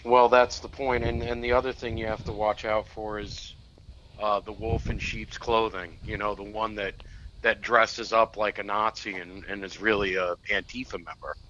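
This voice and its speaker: A man's voice: lowish voice, level tone, moderate pace, pushed and bright, highs cut off, slight background noise. A man co-hosting a political talk radio show, speaking bluntly and emphatically and swearing when heated.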